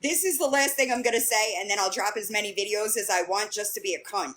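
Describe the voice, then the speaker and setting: A young woman hosting a livestream talks fast in a mid-range, fairly bright voice. In a casual rant, she bluntly retells an argument line by line, swearing plenty along the way.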